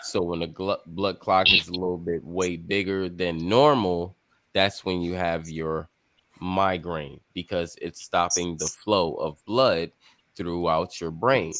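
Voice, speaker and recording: Slow-talking man hosting a chat. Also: sits low, fairly even intonation, a bit bright. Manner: rambling, emphatic, swears freely. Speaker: podcast host. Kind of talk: casual chat.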